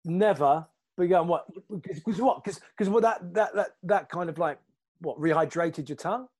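A man's voice: sits high, moderate pace, a little mellow. A man hosting a podcast, asking questions in a friendly, chatty way, often stumbling and repeating words. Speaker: podcast host. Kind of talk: casual interview.

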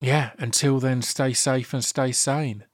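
A man's voice: mid-range voice, steady tone, slow pace, no room sound. A man from hosts a podcast, chatting in an eager, rambling way. His voice sits in a middle register. The sound is dry and close, with no room around it. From Thurrock, Essex, England. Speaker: podcast host. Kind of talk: casual chat and podcast outro.

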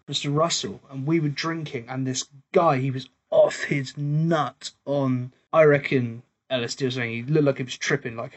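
A man co-hosting a casual pub podcast, telling a story animatedly, laughing and swearing often. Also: mid-range voice. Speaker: podcast co-host.

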